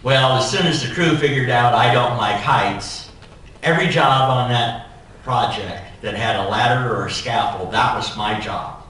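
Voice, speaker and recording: A man giving a keynote speech as a society president, telling a personal anecdote in an animated, humorous way. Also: medium pitch, a little slow. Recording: echoey hall, voice from far off.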